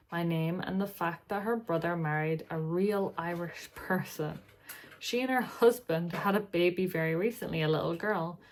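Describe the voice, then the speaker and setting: A tired woman with a lowish voice reads online posts aloud for her channel, stopping often for casual, sighing remarks of her own. She keeps it loose and chatty, as if talking to friends late at night. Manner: chatty, sighing, breaks off to talk to her pet. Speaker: reaction video host.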